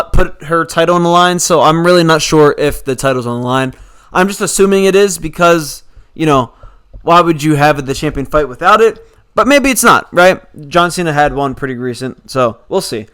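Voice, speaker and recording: A man's voice: a little high, animated, normal speed, a bit bright, clean tone. A man casually recapping a wrestling show, opinionated and rambling, with lots of fillers.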